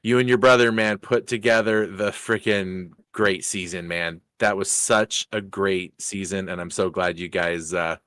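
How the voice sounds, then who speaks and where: A man's voice: deep voice, steady tone, unhurried, hardly any pauses, a bit bright. A man hosting a racing league live stream in casual chat, rambling with lots of fillers and restarts in an upbeat way.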